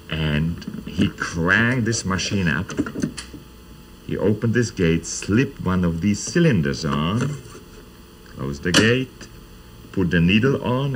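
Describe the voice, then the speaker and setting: Older man, children's TV host, slow playful storytelling, lowish voice. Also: a little hiss or hum. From Czechoslovakia. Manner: unhurried, playful, explains step by step. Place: TV studio.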